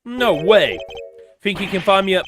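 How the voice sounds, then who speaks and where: A man voicing an eager, curious young woman who fires off excited questions. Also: sits high, normal speed, over music, voice pushed up.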